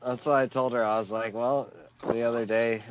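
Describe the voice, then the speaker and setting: A man on a casual podcast over a video call, laid-back and easily excited, calling everyone dude. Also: mid-range voice, a little slow, highs cut off, a little hiss or hum. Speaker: podcast co-host. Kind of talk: casual chat.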